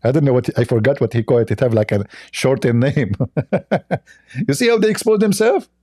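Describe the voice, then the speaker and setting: A man's voice: mid-range voice, expressive, brisk, mellow. A man giving sarcastic reaction commentary on clips, mocking and scornful, rambling with broken grammar.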